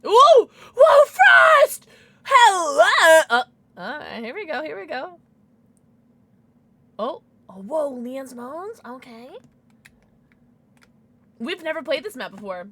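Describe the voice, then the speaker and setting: A young woman streaming a game to her chat, giggling a lot and shrieking with excitement. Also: sits high, slow pace, pauses often, a little hiss or hum. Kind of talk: livestream game commentary.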